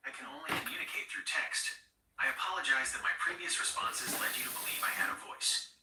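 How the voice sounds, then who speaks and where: A man's voice: medium pitch, huge pitch swings, a little fast, far from the mic, noisy background. A male AI voice assistant speaking in a polite, formal, apologetic, scripted way, played through a speaker. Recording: played through a speaker in a roomy space, away from the mic.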